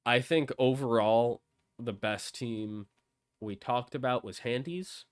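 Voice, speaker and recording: A man's voice: mid-range voice, slow, clear, resonant tone, no echo. A man hosting a casual discussion, talking in a hesitant way with many ums. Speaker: host.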